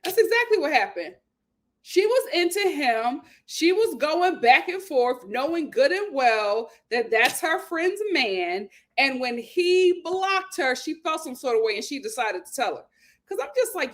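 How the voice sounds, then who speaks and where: A woman's voice: sits high, very animated, unhurried, fairly bright tone. A woman hosting a casual reality TV recap and reading viewer comments, opinionated and talking straight to her audience. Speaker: host.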